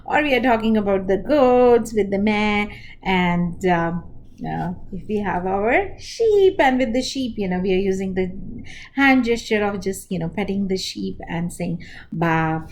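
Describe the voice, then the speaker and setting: A woman preschool teacher with an Indian English accent, calmly explaining an activity step by step, pausing often as she goes. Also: mid-range voice, slight background noise. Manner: unhurried, explaining step by step with pauses. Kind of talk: instructional talk to parents and teachers.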